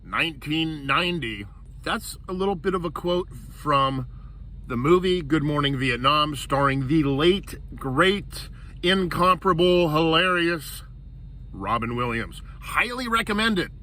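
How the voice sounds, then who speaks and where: A man's voice: fairly high pitch, lively intonation, a little slow, pushed and bright. A man casually narrating his own camping vlog outdoors at a campground, jokey and playful. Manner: jokey, playful and self-amused. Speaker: vlogger.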